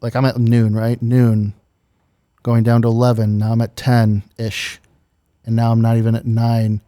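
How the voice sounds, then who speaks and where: Man, podcast co-host, casual chat, mid-pitched voice, rambling, lots of fillers, studio mic. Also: monotone, normal speed, warm tone. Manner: chatty, rambling, filler-heavy. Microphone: studio podcast mic with headphones.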